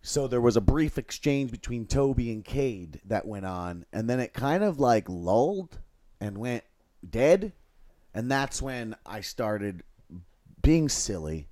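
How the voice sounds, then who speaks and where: A man hosting a livestream, telling a long, halting, rambling story with crude swearing. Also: mid-range voice, sing-song, dark tone, no room sound, clean studio sound. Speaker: livestream host.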